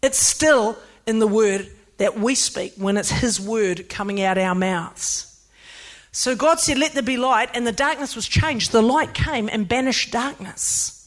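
A woman pastor, preaching a sermon in an emphatic, lively way with playful asides. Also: fairly high pitch, a little slow.

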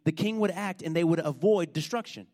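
A man preaching a sermon, telling a story with animated, emphatic build-ups. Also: a little high, a little fast. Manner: animated storytelling, rising to loud emphatic points.

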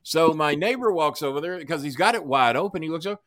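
A man's voice: fairly high pitch, lively intonation, fast talker, a bit bright, no echo, clean studio sound. A man telling a long story as a podcast guest, swearing freely and acting out each person's lines. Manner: profane, acts out dialogue in voices. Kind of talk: animated storytelling.

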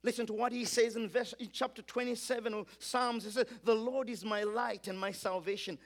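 High-voiced man preaching a sermon. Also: fairly even intonation, brisk. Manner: emphatic, repetitive build-ups, urges congregation to repeat.

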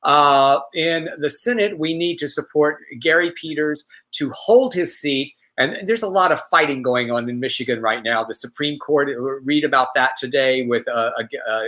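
A man co-hosting a talk show, chatting casually and telling a personal story with animated quoted voices. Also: on the high side, moderate pace, few pauses, poor audio. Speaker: co-host.

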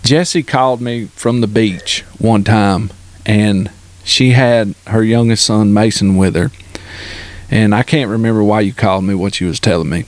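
A man teasing a friend in casual chat on a video call, playful and quick to laugh. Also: on the low side, dry recording.

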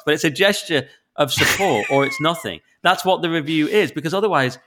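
A man's voice: on the high side, a little fast, few pauses, noisy background. A man with a Northern English accent, a podcast co-host in casual chat, ranting about listener reviews in an exasperated, sweary way while getting over the flu. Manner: sweary, exasperated, animated rants with sudden loud spikes. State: recovering from flu.

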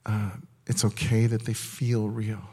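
A man speaking in the voice of a gentle, loving heavenly father, soft, hushed and reassuring, as a prophetic word in a sermon. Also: fairly low pitch, monotone, a little slow, slightly rough. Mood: tender. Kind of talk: prophetic word spoken as God.

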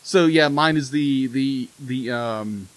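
A man co-hosting a casual review chat, easygoing and halting, laughing often. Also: medium pitch, low-quality recording. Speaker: podcast co-host.

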